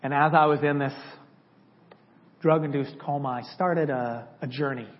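A man tells his testimony to a church in a loose, conversational way, slipping into the voices of the people in his story. His voice sits a little high for a man. The recording is somewhat dull and lo-fi. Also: steady tone, moderate pace. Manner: conversational, acts out dialogue from memory. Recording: slightly dull lo-fi audio.

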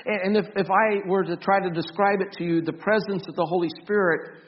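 A man preaching a sermon as pastor, earnest, often repeating and restarting words, swinging from loud emphasis to soft, quiet storytelling. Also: high-pitched, steady tone, a little fast, highs cut off. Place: church.

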